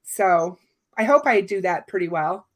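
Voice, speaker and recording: A woman's voice: fairly low pitch, animated, a little slow. A woman hosting a livestream in casual chat, her voice strained and worn, talking on with many fillers. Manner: chatty, warm thanks, many fillers. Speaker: livestream host.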